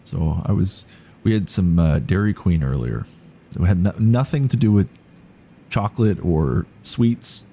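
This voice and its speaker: Low gravelly guy streaming a game, dry jokes to chat, faint hiss behind. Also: expressive, measured pace, dark tone. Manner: dry, joking asides to chat. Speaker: gaming streamer. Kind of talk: live gameplay commentary, reading game text aloud.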